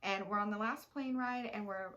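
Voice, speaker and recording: A woman's voice: mid-range voice, normal speed, pushed and bright, lo-fi sound, slight background noise. A young woman in casual chat, a chatty storyteller with many fillers. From Texas. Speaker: co-host.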